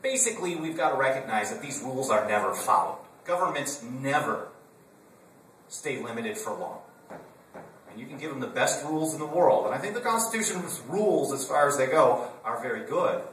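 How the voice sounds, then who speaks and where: A man's voice: mid-range voice, normal speed. Man from wisconsin, conference speech, casual storytelling with jokes, roomy distant sound, faint room hum. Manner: conversational, joking asides, relaxed storytelling. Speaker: conference speaker. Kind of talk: humorous political speech to a live audience.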